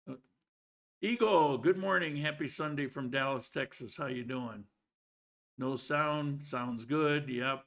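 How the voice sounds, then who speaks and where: Living in Colombia, this man runs a live stream, calling out viewers by name and chatting in a relaxed way with many restarts. His voice is medium in pitch, and he speaks slowly with long pauses.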